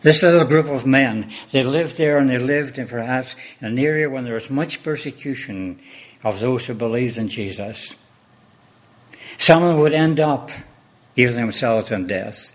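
A man preaching a sermon as a pastor, measured and earnest, building on repeated rhetorical questions. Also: mid-range voice, lo-fi sound.

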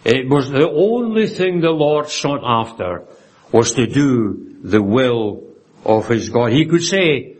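A man delivering a sermon in an earnest, reverent voice of middling pitch. He quotes scripture slowly and often caps his points with a little tag question. His phrasing stumbles and restarts as he thinks aloud. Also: expressive. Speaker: preacher.

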